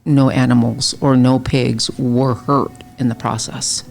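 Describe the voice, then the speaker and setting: A middle-aged woman joins a podcast as a guest and chats earnestly, often adding that she could be wrong. Her voice is low for a woman. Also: level tone, unhurried, creaky, a little mellow, slight background noise. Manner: chatty and earnest, hedging her facts. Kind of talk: casual chat.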